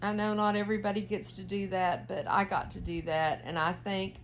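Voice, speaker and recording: Knitting as she talks, a vlogger makes casual conversation with viewers, full of fillers and questions, yawning and a bit tired. Her mid-range voice is brisk with little pitch movement, and there's a little hiss or hum.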